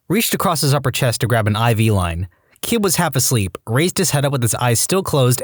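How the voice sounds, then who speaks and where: Recorded at studio quality with no room sound, this medium-pitched male narrator reads online stories from a script. He keeps things lively, giving each quoted line its own voice.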